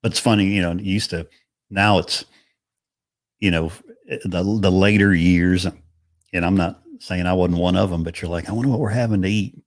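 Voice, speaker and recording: Very deep-voiced man, relaxed and halting, dry close sound. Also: no echo. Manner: easygoing, halting, many "you know"s. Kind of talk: casual conversation.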